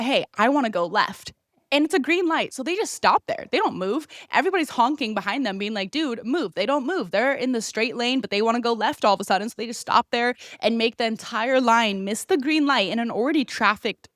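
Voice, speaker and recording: Young woman, from California, podcast host, casual ranting, cursing, high-ish voice, dry recording. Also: no echo. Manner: ranting, animated, swearing freely. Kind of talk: casual chat.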